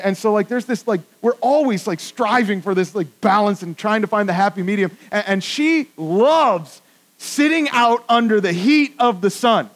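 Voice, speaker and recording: A man with a high voice preaches a sermon in a church, talking in a casual, conversational way. He drops to a hush for reflective points and rises to loud emphasis when he drives a point home. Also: rough recording. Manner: conversational, swings from hushed to emphatic. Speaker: pastor. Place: church with congregation.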